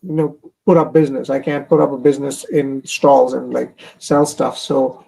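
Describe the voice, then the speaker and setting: A man's voice: medium pitch, little pitch movement, normal speed, gravelly, mellow, breathy edge, rough recording. A young man from India, a comic artist, talking casually in an interview with many fillers and restarts over a remote stream call.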